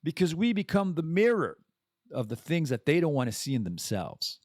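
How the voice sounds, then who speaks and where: A man talking candidly on his podcast, with a lively voice that rises and falls a lot. He rambles from point to point, and the sound is close and dry, with no room echo. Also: a little high, moderate pace. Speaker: podcast host. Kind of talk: casual monologue.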